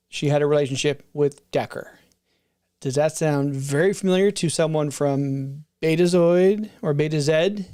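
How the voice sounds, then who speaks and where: In a mid-range voice with a darkish tone, a middle-aged video creator talks about film releases in a loose, unscripted ramble full of restarts and asides.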